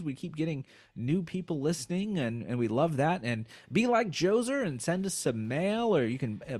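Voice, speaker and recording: A man hosting a podcast in casual chat, joking around with playful asides. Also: fairly high pitch. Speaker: podcast host and producer.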